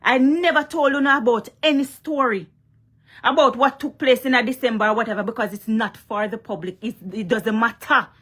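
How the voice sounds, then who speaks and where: Jamaican lady vlogger going off at someone, confrontational, kinda high voice, patois mixed in. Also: moderate pace, fairly bright tone, slightly rough. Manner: confrontational, scolding, mixes Patois and English. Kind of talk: heated monologue to a rival.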